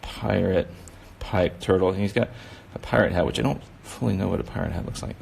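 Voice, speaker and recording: A man's voice: low voice, a little fast, vocal fry, a little mellow, slight background noise. A man running a casual drawing demonstration for kids, rambling and encouraging, with lots of filler words. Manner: rambling, encouraging, full of "you know" fillers. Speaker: kids' drawing instructor.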